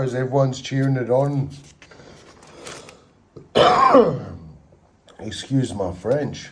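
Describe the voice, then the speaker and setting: A man's voice: mid-range voice, extremely slow, long pauses, a bit bright. A middle-aged man narrating footage in a rambling, slangy commentary full of sound effects. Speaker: video narrator. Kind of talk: rambling commentary over game or drawing footage.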